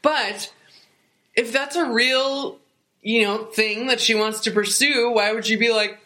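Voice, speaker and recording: A woman in casual chat, retelling a sermon with sarcastic, animated asides and laughter. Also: on the high side, a little slow.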